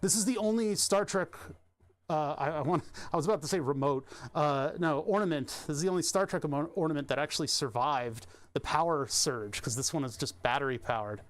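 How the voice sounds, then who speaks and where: A man's voice: on the high side, fairly quick. A man chatting casually on his stream, rambling and restarting sentences with little chuckles. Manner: rambling, self-interrupting, chuckling.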